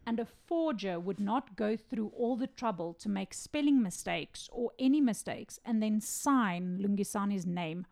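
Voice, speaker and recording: A woman's voice: mid-range voice, expressive, unhurried, hardly any pauses, a little mellow. A woman co-hosting a casual true-crime podcast, reading out case details and adding blunt asides. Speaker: podcast co-host.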